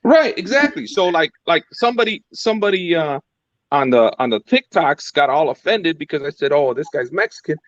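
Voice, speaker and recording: A man from the United States in a casual chat, blunt and animated, often stammering on repeated words. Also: a little high, normal speed, no echo, highs cut off.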